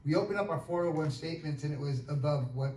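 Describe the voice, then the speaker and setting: A man recounts a personal story in a relaxed, plain-spoken manner, his voice warm and mellow. He stands some way from the mic in a roomy, echoey hall, with faint noise underneath. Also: fairly high pitch, fast, distant mic. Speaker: guest sharing a testimony. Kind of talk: casual storytelling testimony. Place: church hall.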